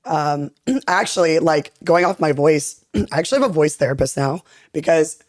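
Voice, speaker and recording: A young woman with a raspy, deep voice, chatting casually as a podcast guest and acting out quoted lines as she tells a story. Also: moderate pace, no echo, studio quality. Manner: animated storytelling, acts out quotes, frequent fillers. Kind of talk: casual chat.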